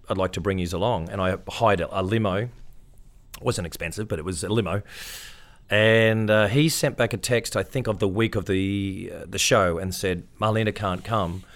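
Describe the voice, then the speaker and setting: Chatty Australian man telling lively anecdotes. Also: on the low side. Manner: animated anecdotes, acting out quoted voices. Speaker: interview guest, tribute performer. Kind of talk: casual storytelling in an interview.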